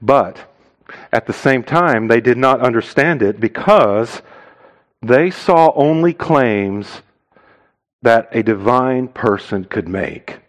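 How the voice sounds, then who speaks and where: A man preaching a sermon as a missionary, stressing key phrases hard, dropping to quiet asides and putting rhetorical questions to the congregation. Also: expressive, takes it slowly, rough recording. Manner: emphatic, swinging between loud stressed phrases and low quiet asides.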